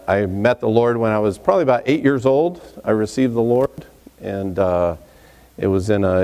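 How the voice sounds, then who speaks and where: A man from Texas introducing himself to a congregation as a visiting preacher, relaxed and chatty with many fillers and asides. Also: on the low side. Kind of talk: sermon introduction, casual and folksy. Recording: reverberant hall.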